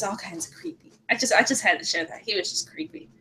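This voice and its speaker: A woman's voice: medium pitch, fairly quick, few pauses, slight background noise, low-quality recording. A woman podcast host chatting enthusiastically with her guest in a casual interview. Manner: enthusiastic, chatty, animated reactions.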